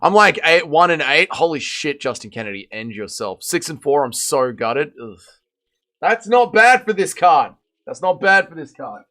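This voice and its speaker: A man's voice: fairly high pitch, very animated, moderate pace, pushed and bright. A man hosting a casual livestream watch party, tired and hungover, rambling and swearing in slangy banter with his chat. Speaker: livestream host.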